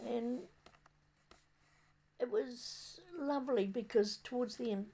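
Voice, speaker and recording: An older woman from New Zealand with a New Zealand accent, reminiscing in a casual, rambling monologue outdoors on a windy day, halting often with fillers and restarts. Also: fairly high pitch, dark tone. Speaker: vlogger.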